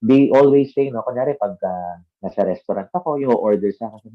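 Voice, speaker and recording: A man's voice: lowish voice, fast. A Filipino man with a Filipino accent hosting a casual chat, mixing Tagalog and English and tagging sentences with "no?". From Philippines. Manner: conversational, mixing Tagalog and English, frequent "no?" tags. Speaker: vlog host and ALT teacher. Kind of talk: casual Taglish panel chat. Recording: dull lo-fi audio.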